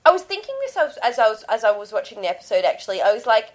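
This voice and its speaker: A woman hosting a casual fan podcast, chatty and giggly, getting animated when she retells scenes. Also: on the high side, very fast. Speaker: podcast host.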